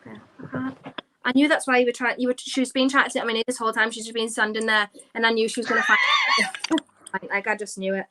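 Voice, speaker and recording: A woman's voice: on the high side, wildly swooping pitch, fast, bright, forceful tone. A woman co-hosting a podcast, reading out viewer questions in a chatty, rambling way. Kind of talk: casual chat. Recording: noisy background.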